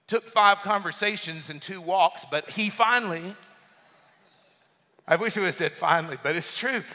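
A man preaching a sermon, animated and emphatic, reading scripture and building to loud exhortation. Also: high-pitched, moderate pace, in a large hall. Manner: animated preaching, rising to near-shouts. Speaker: pastor.

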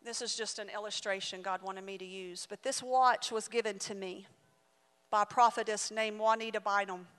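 A woman in her forties preaching a sermon and telling a story, swinging dramatically between loud and hushed delivery. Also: medium pitch, clean tone. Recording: reverberant hall.

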